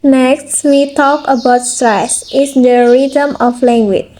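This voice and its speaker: A woman student presenting a phonology lesson, reading haltingly with fillers and drawn-out examples. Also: high voice, fairly even intonation, warm tone. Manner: very slow, hesitant reading with fillers and restarts.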